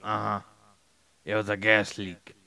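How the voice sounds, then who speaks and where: A man's voice: fairly low pitch, monotone, measured pace, vocal fry, pushed and bright. A man co-hosting a podcast in casual chat, mostly giving short reactions and asking curious questions. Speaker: podcast co-host.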